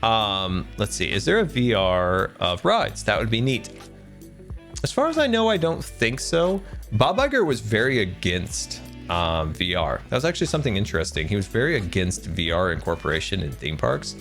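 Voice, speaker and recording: A man's voice: fairly low pitch, big pitch swings, normal speed, few pauses, fairly bright tone, faint music behind. A man live-streaming a game, chatting casually with viewers in a rambling way and laughing often. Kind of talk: casual live-stream chat while gaming.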